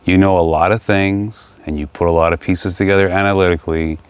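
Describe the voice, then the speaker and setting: A man's voice: sits low, fairly even intonation, fairly quick, clean tone, dry recording. A man co-hosting a casual family podcast, teasing his son in a dry, blunt way. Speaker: father and podcast co-host.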